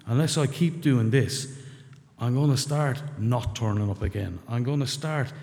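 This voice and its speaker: A man's voice: mid-range voice, moderate pace, darkish tone. Blunt Irish man in a reverberant hall. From rural Ireland. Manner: blunt, candid, swearing, wry self-mocking humor. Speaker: member sharing at a recovery meeting. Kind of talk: personal testimony to a group. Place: meeting room.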